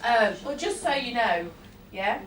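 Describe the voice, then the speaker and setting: A woman with a fairly high voice gives a psychic reading to a room full of people. She is talkative and apologetic, and laughter keeps breaking into her sentences. The recording is roomy and distant, with a faint hiss underneath. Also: big pitch swings, measured pace. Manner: chatty, laughs often, apologetic asides. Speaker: psychic medium. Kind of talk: live audience reading. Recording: roomy hall, distant mic, faint noise.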